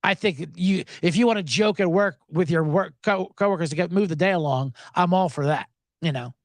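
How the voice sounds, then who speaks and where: In a dry recording, a man speaks fairly quickly as he hosts a live sports podcast from Los Angeles. He rants in a casual, sarcastic, animated way, often mimicking other people in a raised, high voice.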